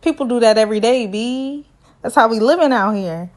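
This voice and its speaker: A woman with a somewhat high voice, talking in a chatty, sassy way. She teases and jokes as she recaps, with an animated, playful delivery. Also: brisk. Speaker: reality TV recap YouTuber.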